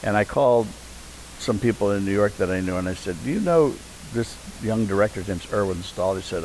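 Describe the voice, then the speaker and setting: Older guy spinning old theater stories, lowish voice, faint hiss behind. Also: fairly quick, low-quality recording. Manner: anecdotal, animated when quoting people. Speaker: interview guest, veteran community theater actor. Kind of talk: reminiscing conversation.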